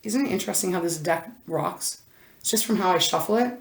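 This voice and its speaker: A fairly low-voiced woman talks her way through a card reading in an echoey indoor room, picked up by a camera mic. She rambles and interrupts herself, dropping in little exclamations as she goes. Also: brisk. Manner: chatty, rambling, self-interrupting, frequent "oh my gosh". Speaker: intuitive tarot reader.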